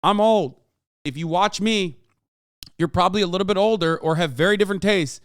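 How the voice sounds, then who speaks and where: A man's voice: high voice, fast talker, fairly bright tone, no room sound, studio quality. A man in his thirties streaming casual reaction commentary, rambling with many fillers and restarts, swearing and now and then bursting out in exasperation. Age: 30s.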